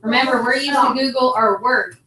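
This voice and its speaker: A woman's voice: high-pitched, fairly quick, reverberant, recorded from a distance, crowd noise. Middle-aged woman teacher amid a noisy class. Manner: matter-of-fact, reminding the class. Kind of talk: classroom instruction.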